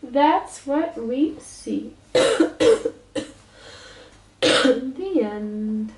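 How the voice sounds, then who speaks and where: A woman's voice: fairly high pitch, animated, drawn-out words, a little hiss or hum. Woman reading a picture book to a toddler. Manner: playful sing-song reading with animal noises. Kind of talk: reading a picture book aloud to a small child. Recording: roomy home recording from a distance.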